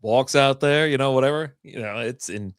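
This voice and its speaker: A man co-hosting a movie review podcast, chiming in with quick jokes and reactions. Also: mid-range voice, clean tone, no echo, clean studio sound. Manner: quick, joking, chimes in with reactions. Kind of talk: casual chat.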